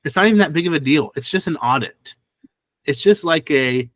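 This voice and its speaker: A man co-hosting a podcast in casual chat, relaxed and explanatory. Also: fairly high pitch, moderate pace, no room sound. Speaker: podcast co-host.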